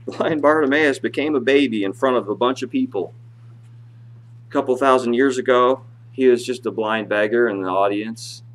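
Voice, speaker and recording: A man's voice: normal speed, slight background noise. Impassioned male preacher reading scripture. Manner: impassioned preaching, reads scripture aloud in a rising voice and drops low to explain. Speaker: pastor. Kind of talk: sermon. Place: church.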